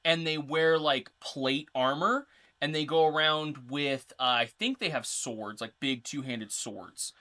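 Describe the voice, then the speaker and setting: A woman's voice: low-pitched, a little slow, fairly bright tone. A woman co-hosting a podcast, explaining game lore in a chatty, casual way with lots of fillers. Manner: chatty, reads notes, filler-heavy. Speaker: podcast co-host.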